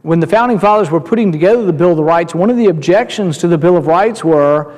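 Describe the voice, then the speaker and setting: Male senator, floor speech, high-ish voice, measured and explanatory, long chamber reverb. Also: darkish tone. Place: large legislative chamber.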